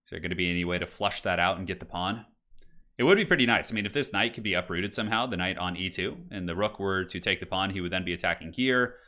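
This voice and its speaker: Low-pitched and fast, with a sharp tone, this chess streamer keeps up jokey, chatty commentary on a match. He responds to chat, leans on loose fillers and drops the occasional casual swear.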